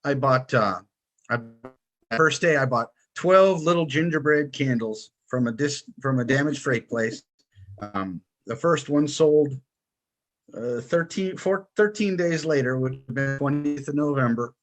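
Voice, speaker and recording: Animated man telling a story. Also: medium pitch, measured pace, soft background music. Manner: animated storyteller, acts out quotes. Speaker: guest, online seller. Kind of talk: storytelling in an interview.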